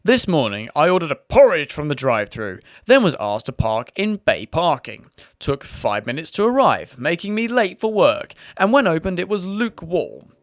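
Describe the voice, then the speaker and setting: An outraged British woman complaining about poor service, as a man puts her on, her voice lifted high and pushed with over-emphatic stress. The sound is close and dry. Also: big pitch swings, moderate pace, no echo. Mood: indignant. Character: indignant complaining female shopper.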